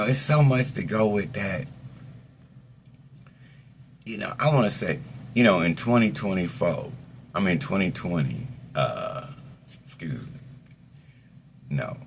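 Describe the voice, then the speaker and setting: Man, middle-aged, low gravelly voice, casual profane storytelling, lots of fillers. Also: animated, unhurried, long pauses, a little hiss or hum. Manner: rambling, profane street talk with many fillers. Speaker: storyteller recounting his past.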